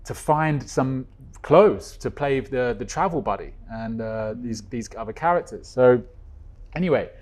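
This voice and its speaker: A man guest in a relaxed interview, telling an anecdote with lively energy. His voice sits in a middle register and rises and falls often as he gets into the story. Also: a little slow. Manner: animated storyteller with swings in pitch and loudness. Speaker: guest, co-creator of a stage musical. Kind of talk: casual chat.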